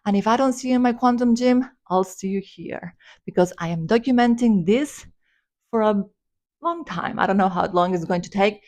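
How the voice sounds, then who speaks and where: An excited woman giving a motivational spiritual vlog talk, breathless and gushing. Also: mid-range voice, normal speed. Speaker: spiritual vlogger.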